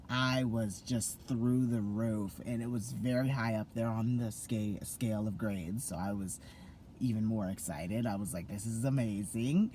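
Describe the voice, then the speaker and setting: A man's voice: medium pitch, darkish tone, a little hiss or hum. A young man vlogging to his viewers, gushing and effusive, full of fillers and restarts. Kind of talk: excited casual vlog to camera.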